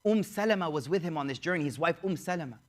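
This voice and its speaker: A man teaching as he tells a story in a lecture, animated and speaking straight to his audience, acting out the voices. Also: on the high side, fast. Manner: animated, addresses audience directly, acts out voices. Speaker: Islamic teacher.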